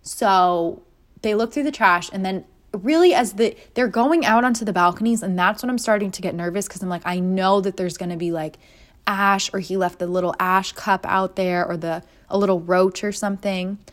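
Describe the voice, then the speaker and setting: Animated young woman telling a story. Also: medium pitch, moderate pace. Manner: animated, acts out voices in quotes. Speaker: podcast host. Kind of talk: casual storytelling monologue.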